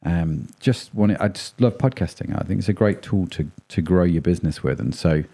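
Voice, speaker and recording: A man's voice: low voice, expressive, a little fast, vocal fry, mellow. A man co-hosting a podcast in a chatty, playful, rambling way. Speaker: podcast co-host. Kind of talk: casual chat.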